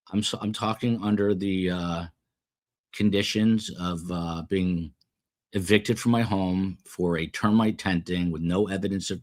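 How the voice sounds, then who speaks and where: A middle-aged man hosting a live stream, reading chat comments aloud in a rambling, self-deprecating way with many fillers. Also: deep voice.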